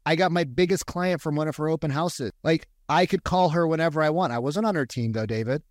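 A man talking in casual podcast chat, an animated, profane storyteller. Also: on the high side, a little fast, dry recording, clean studio sound. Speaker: real estate agent, podcast guest.

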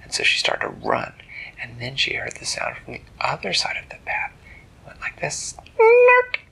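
A man telling a bedtime story to a child in a gentle, animated way. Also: medium pitch, moderate pace, creaky, slightly rough, whispered, poor audio.

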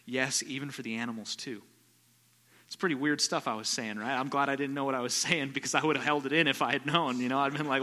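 A man preaches a sermon in a church, and his voice has a bright, forceful edge. He tells stories, dropping low and quiet before rising into loud bursts. The sound rings with a long hall reverb. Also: fairly even intonation, fast talker. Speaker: visiting pastor.

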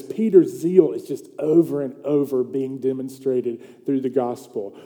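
Mellow-voiced pastor preaching in a reverberant church. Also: male voice, on the high side. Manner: animated storyteller who checks in with "okay?" and "right?". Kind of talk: conversational sermon. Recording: long hall reverb.

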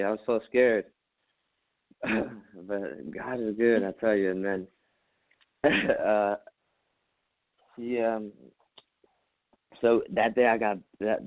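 A man, a Marine veteran, telling a story as an interview guest, animated, acting out his own quotes and laughing often. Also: fairly low pitch, no echo, narrow, tinny audio. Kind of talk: casual storytelling.

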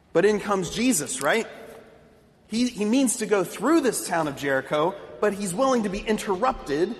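A male preacher telling a story in an emphatic sermon. His voice sits high and swings widely in pitch. It rings in a long hall reverb.

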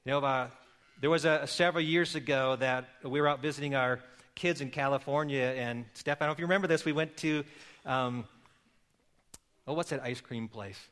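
A man's voice: medium pitch, steady tone, normal speed, a bit bright, long reverb tail. A middle-aged man preaching a sermon as a pastor, telling stories in a conversational, playful way and putting questions to the congregation. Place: church service.

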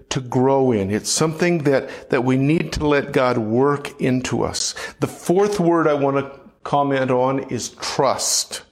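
Middle-aged guy preaching real slow and thoughtful, repeats his words a lot. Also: on the high side. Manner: slow, measured, reflective, with frequent restarts. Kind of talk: sermon teaching.

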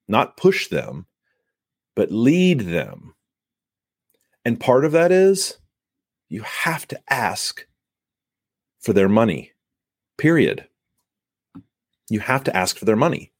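On his solo sales podcast, a man coaches listeners through an emphatic advice monologue, acting out short buyer-and-seller exchanges. His voice is fairly low, recorded dry with studio quality.

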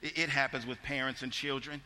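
A man's voice: medium pitch, flat delivery, a little fast, bright, forceful tone, big-room sound. A man preaching a sermon, telling a folksy story with frequent restarts and repeated words.

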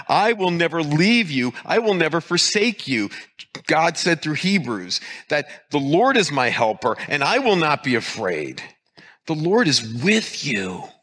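A male pastor preaching a sermon with emphasis, repeating key phrases and slowing down to stress single words. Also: medium pitch, sharp tone.

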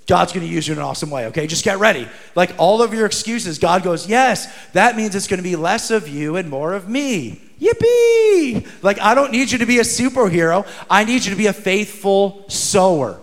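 A man in his thirties preaching a sermon in an energetic, conversational way, with slangy asides and acted-out quotes. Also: fairly high pitch. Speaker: pastor.

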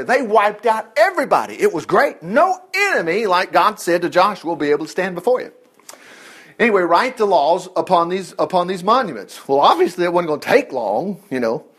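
A man preaching a lively sermon, reading scripture with loud exclamations and quick low asides. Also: slightly rough.

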